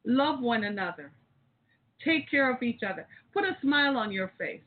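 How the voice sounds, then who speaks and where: A woman host delivers a rousing, preachy monologue and keeps turning to address her listeners directly. Her voice sits a little high. The audio is narrow and tinny, like a phone line. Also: animated, normal speed. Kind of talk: impassioned call-in radio monologue.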